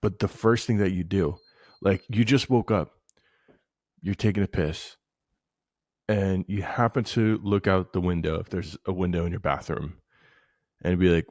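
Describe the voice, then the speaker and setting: A man in his thirties co-hosting a podcast, telling stories in profane, rambling, animated casual banter. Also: low-pitched, moderate pace, pauses often, dry recording, studio quality. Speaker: podcast co-host.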